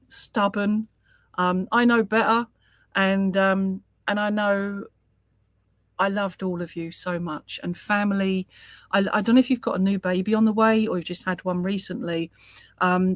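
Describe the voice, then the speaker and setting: A woman giving a live mediumship reading, speaking gently and reassuringly and often murmuring sympathy. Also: mid-range voice, no echo. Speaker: spiritualist medium.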